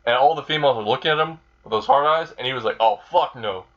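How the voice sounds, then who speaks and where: A man's voice: on the high side, rapid-fire, fairly bright tone, highs cut off. A man casually retelling a comedic fan story, rambling and crude with lots of filler words.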